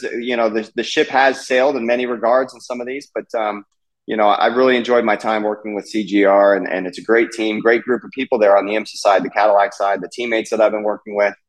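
A man's voice: on the low side, rough recording. A man in his thirties, a race car driver, chatting casually in an interview with many fillers and restarts.

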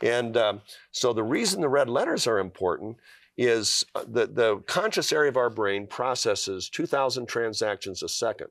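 A man's voice: mid-range voice, sing-song, moderate pace, fairly bright tone, no echo, clean studio sound. A middle-aged man, a guest author, telling a personal story in an earnest way on a talk show, with fillers and restarts.

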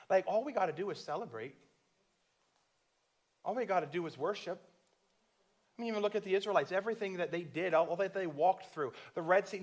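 A man preaching a church sermon with passion, acting out prayers and the voice of God as he tells a story. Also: sits high. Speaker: pastor.

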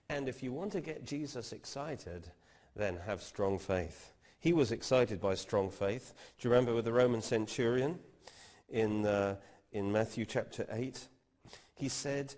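A man's voice: medium pitch, lively intonation, moderate pace, a little mellow. A man preaching a teaching sermon, explaining step by step and quoting scripture with rising emphasis.

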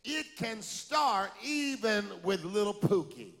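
A man preaching a sermon, animated and calling out to the congregation for a response. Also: high-pitched, slow. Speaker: pastor. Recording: long hall reverb.

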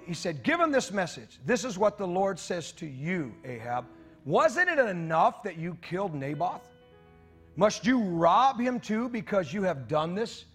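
High-voiced animated male preacher. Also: unhurried, breathy edge, faint music behind. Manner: animated preaching, jokes and asides to the congregation. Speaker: pastor. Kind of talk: sermon.

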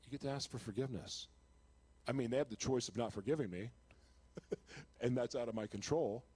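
A man giving an emotional, confessional Christian testimony on live television. He speaks earnestly, with restarts and laughs at himself, and grows loud and impassioned. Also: medium pitch, brisk, slightly rough, dry recording. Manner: grows loud and impassioned when retelling his conversion. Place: television studio.

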